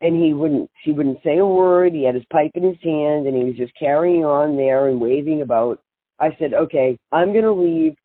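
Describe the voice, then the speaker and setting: Older woman, brash storyteller, husky voice, tinny phone line. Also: deep voice, normal speed, no echo. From Boston. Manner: brash, animated, laughs often. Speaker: guest, singer and author. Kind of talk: storytelling interview.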